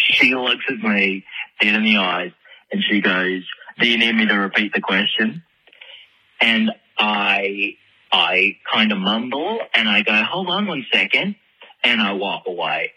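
A man's voice: lowish voice, sharp tone, husky, poor audio. A man with a put-on Australian accent tells a rambling, self-deprecating story, swearing often, in a played-back voice message. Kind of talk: casual storytelling monologue.

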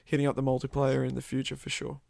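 A man's voice: mid-range voice, completely flat delivery, fast talker, creaky, a little mellow, no echo, clean studio sound. A young man chatting casually about video games, often stammering and restarting his sentences. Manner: stammering, many restarts and repeated words. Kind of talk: casual gaming chat.

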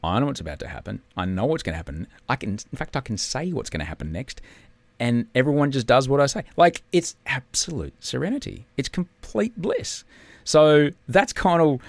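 Heard with no echo, a man with a mid-range, sing-song voice talks at a moderate pace as a podcast guest. The TV host is candid and profane but subdued, hurting after surgery, and his voice occasionally falls to a whisper.

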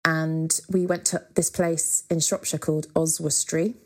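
Gravelly low-voiced woman, candid. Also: level tone, unhurried. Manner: frank, chatty, with many fillers and casual swearing. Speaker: guest musician. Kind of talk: candid interview conversation.

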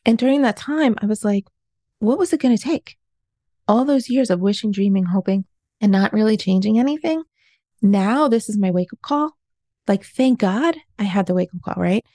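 A woman's voice: medium pitch, animated, moderate pace, warm tone, dry recording, clean studio sound. A woman in her forties, a life coach, telling her own story in an interview in an earnest, confessional way. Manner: earnest, confessional, self-questioning.

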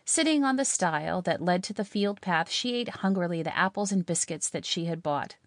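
A woman narrating a story in a measured, expressive way. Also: lowish voice, dry recording, studio quality.

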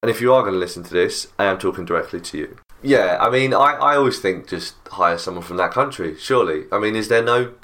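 Chatty English man, low voice. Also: fast talker, few pauses, a bit bright. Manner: chatty, ends points with tag questions. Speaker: podcast co-host. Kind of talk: casual chat.

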